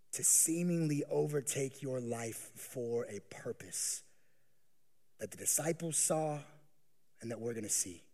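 A male pastor preaching a sermon, swinging from hushed, slow lines to loud, pleading acted voices. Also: mid-range voice, vocal fry.

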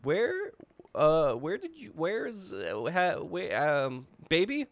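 A man's voice: a little high, wildly swooping pitch, slow, gravelly. A man playing a tabletop game, playful and goofy, often laughing. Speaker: player. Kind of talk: casual tabletop role-play.

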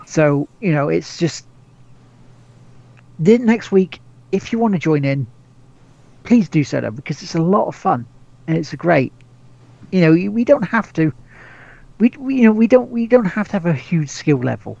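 Man, gravelly voice, a bit high, casual gaming podcast chat, stumbles and repeats words, lo-fi sound. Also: big pitch swings, moderate pace, long pauses, darkish tone, no echo. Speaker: podcast co-host.

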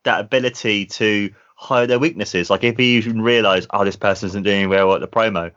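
Low-voiced man, enthusiastic chat. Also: fairly even intonation, fairly quick, fairly bright tone. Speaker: podcast co-host. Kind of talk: casual chat. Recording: dull lo-fi sound.

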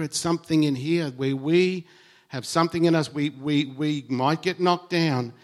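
Earnest conversational male preacher. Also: fairly high pitch. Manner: conversational, earnest, swings between soft and emphatic. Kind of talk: sermon.

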